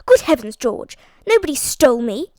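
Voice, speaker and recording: A woman's voice: high voice, very animated, moderate pace, dry recording, studio quality. A woman reading aloud and voicing a haughty aristocratic wife who snaps indignantly. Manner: sharp and indignant.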